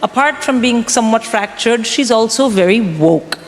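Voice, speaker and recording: A woman in her forties performing a stand-up comedy set, delivering wry, deadpan punchlines to a crowd. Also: fairly high pitch, moderate pace. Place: comedy club stage. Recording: live room with long reverb and background noise.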